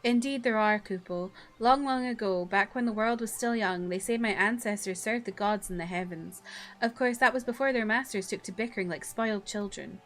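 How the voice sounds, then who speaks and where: A woman's voice: mid-range voice, moderate pace, fairly bright tone, close to an everyday voice. Woman doing a chirpy little moogle. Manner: quaint, ends sentences with kupo. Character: small cheerful male moogle, timid forest creature.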